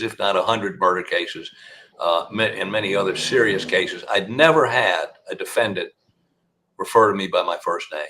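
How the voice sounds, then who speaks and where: Gravelly older Southern man telling stories. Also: lowish voice, slight background noise. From South Carolina. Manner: gravelly, animated storyteller. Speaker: defense attorney, guest. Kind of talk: storytelling interview answers.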